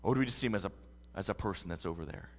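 A man's voice: deep voice, lively intonation, very fast, in a large hall. A man preaching a sermon as pastor, earnest and emphatic.

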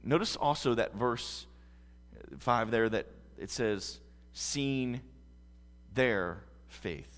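A man's voice: medium pitch, animated, very slow, pauses often, a bit bright, long reverb tail. A man preaching a sermon as pastor, earnest and emphatic.

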